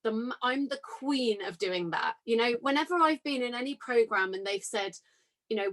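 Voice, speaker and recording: A woman hosting a podcast, talking in an enthusiastic, animated way in casual conversation with her guest. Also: on the high side, normal speed. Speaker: podcast host.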